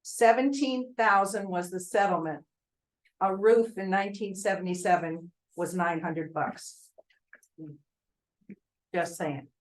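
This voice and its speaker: A woman's voice: mid-range voice, takes it slowly, long pauses, poor audio. Older woman telling a chatty story. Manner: chatty storyteller, asks the audience questions. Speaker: real estate agent addressing colleagues. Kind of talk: informal talk to a group.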